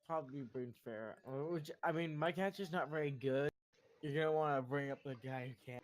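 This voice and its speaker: A man's voice: on the high side, fairly quick. A man playing a tabletop game over a voice call, making wry, chatty asides.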